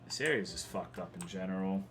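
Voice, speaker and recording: A young male streamer from Texas talks through a video game in a loose, rambling way, swearing freely as he gets frustrated. His voice sits on the low side. Faint keyboard typing sounds under his talk in a home setup. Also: quick pace, a bit bright, slight background noise. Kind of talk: casual livestream commentary.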